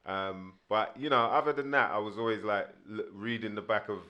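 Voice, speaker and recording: Guy, lowish voice, chatty rambling interview guest, lots of ums. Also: fairly even intonation, brisk, muffled recording. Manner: rambling with many fillers. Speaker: guest rapper. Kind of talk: casual storytelling interview.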